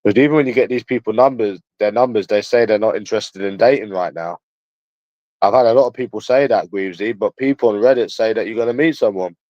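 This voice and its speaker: A man's voice: on the low side, fast talker, a little mellow, no echo. A man with a London accent talking casually to viewers in a rambling, crude way, swearing freely. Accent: London English. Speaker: livestreamer. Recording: dull lo-fi dry sound.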